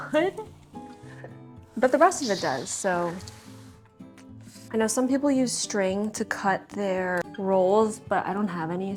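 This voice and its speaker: A young woman chatting casually to camera while baking in her home kitchen, talking to herself and a bit flustered. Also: medium pitch. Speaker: home baker vlogger. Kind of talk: casual baking vlog chat.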